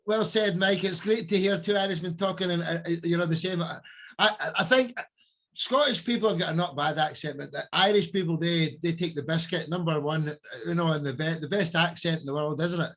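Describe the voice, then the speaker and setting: A man's voice: fairly high pitch, a little fast, fairly bright tone. A man hosting a music podcast, chatty and effusive as he introduces guests. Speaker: podcast host. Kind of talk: casual podcast chat.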